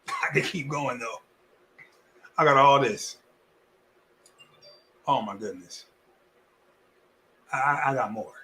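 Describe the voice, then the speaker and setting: A male pastor preaching in a lively, folksy way, swinging between loud and hushed delivery with much repetition. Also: medium pitch, slow pace, long pauses. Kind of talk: sermon.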